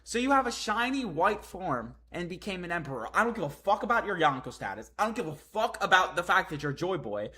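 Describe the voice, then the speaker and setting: A man reading a comic chapter on a live stream and reacting with excited, profane commentary. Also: high voice, a little fast, few pauses.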